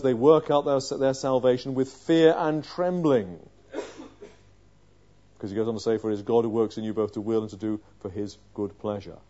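Emphatic preacher with a mellow voice. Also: male voice, medium pitch, lo-fi sound. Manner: emphatic, rhetorical questions, swings from quiet to loud. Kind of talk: sermon.

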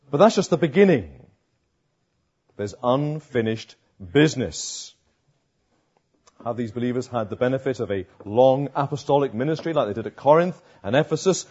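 A man's voice: medium pitch, a little mellow, breathy edge. A man with a sore throat preaching a sermon as pastor, asking and answering his own rhetorical questions. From London area, England. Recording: dull lo-fi sound.

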